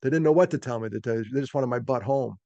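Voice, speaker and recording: A man's voice: medium pitch, fast, gravelly, darkish tone, no echo. Folksy man on a dull video call. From New York. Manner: folksy, self-deprecating, rambling with fillers. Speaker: speaker. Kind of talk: storytelling talk.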